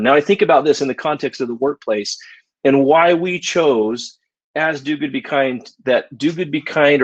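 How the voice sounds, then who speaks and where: A man's voice: mid-range voice, low-quality recording. A middle-aged man delivers a motivational speech in an earnest, heartfelt storytelling manner. His voice sits in a middle range for a man. He leans into personal anecdotes with feeling. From United States. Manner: earnest, warm storytelling with emotional emphasis. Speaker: keynote speaker.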